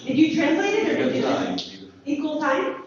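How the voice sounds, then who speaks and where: An American woman teaching a planetarium class, chatty and lively, asking students questions. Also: high voice, normal speed, heavy reverb, distant mic, dull audio, over a noisy crowd. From United States. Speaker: astronomy teacher. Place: planetarium dome.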